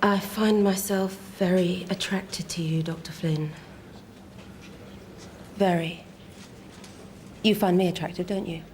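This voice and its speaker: Soft-spoken, measured woman. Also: on the low side, fairly even intonation, slight background noise. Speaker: nurse. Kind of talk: sitcom acting.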